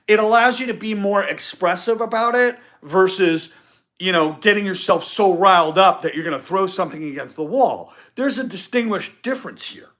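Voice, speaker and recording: A man's voice: sits high, expressive, brisk, a bit bright. A man hosting a live-stream podcast, giving an emphatic motivational talk and repeating his key points. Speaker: podcast host.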